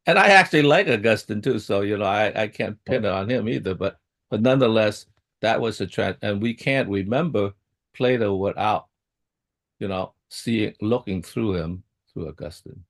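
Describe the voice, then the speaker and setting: A man's voice: lowish voice, expressive, normal speed. A man taking part in a group discussion, talking hesitantly with frequent restarts. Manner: hesitant, laughing asides. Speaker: discussion participant.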